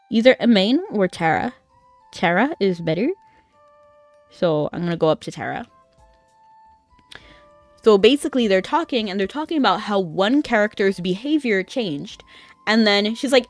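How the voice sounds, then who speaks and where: A woman's voice: mid-range voice, expressive, normal speed, long pauses, no echo, soft background music. A young adult woman chatting casually on a gaming stream, rambling along with lots of "like". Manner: chatty and rambling, with frequent filler "like". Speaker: VTuber streamer.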